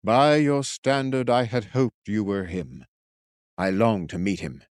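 A man reading as an ancient male warrior risen to serve, bold and loyal, his words slow, formal and old-fashioned. The voice sits a little higher than the reader's own, with a slightly altered tone, recorded dry and close. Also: no echo, natural voice. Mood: earnest. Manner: formal, archaic, measured speech. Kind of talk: audiobook character voice.

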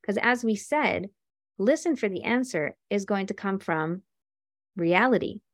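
A woman's voice: medium pitch, animated, a little slow, dry recording, studio quality. A woman coach giving a faith-based talk in a chatty storytelling manner, acting out the people she quotes. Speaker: life and business coach.

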